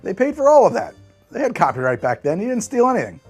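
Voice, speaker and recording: A man's voice: sits high, huge pitch swings, quick pace, a little mellow, slightly rough, soft background music. A man chatting casually on a live stream, rambling, swearing freely and thinking aloud as he answers chat.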